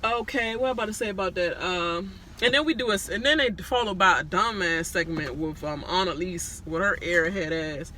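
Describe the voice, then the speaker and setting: A woman giving a casual, blunt recap of a reality show, animated and full of profanity. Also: lowish voice, brisk, hardly any pauses, slight background noise.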